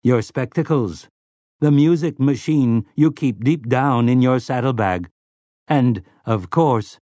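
A man's voice: mid-range voice, takes it slowly, warm tone, no echo, dull audio, lightly acted. Man voicing a prissy, silky robot servant.

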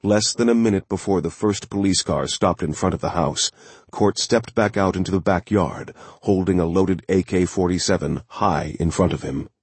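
A man narrating a thriller audiobook in a steady, measured way. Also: deep voice, husky, no echo.

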